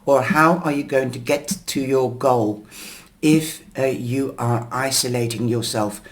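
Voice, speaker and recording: A man reading tea leaves and tarot, explaining each symbol unhurriedly with pauses and fillers, his voice going hoarse. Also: mid-range voice. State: losing his voice, coughing. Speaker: tarot and tea leaf reader.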